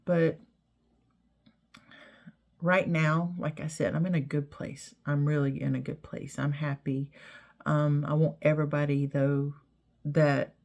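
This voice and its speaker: A woman's voice: low-pitched, gravelly, a little mellow. A middle-aged woman talks to her viewers in a casual, heartfelt way, rambling and repeating herself with many "you know"s. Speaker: vlogger. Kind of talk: casual heartfelt talk to camera.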